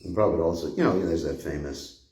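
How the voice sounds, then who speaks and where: Older man, low dark voice, echoey room. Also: quick pace. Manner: rambling and conversational, chuckling often. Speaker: spiritual teacher giving a class. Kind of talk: informal scripture class.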